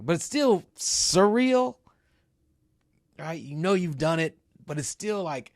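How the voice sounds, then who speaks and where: Gravelly, animated man telling a story. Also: medium pitch, dry recording, clean studio sound. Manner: emotional, animated, swears freely, acts out his own reactions. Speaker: company CEO recounting an ocean row. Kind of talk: casual interview storytelling.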